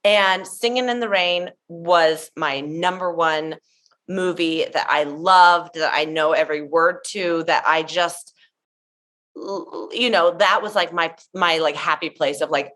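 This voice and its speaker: A woman's voice: lowish voice, a little slow. Chatty woman telling stories with gushing energy. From Tennessee, USA. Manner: gushing, animated storyteller with many "like" fillers. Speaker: guest, show emcee. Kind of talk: casual interview chat.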